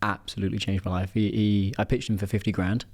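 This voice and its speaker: A man hosts a relaxed podcast conversation, his voice sitting a little on the low side. He tells stories with energy and slips into the voices of the people he quotes. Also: fast. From England. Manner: animated storyteller who acts out quoted voices. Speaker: podcast host and performance coach. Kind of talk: casual podcast chat with storytelling.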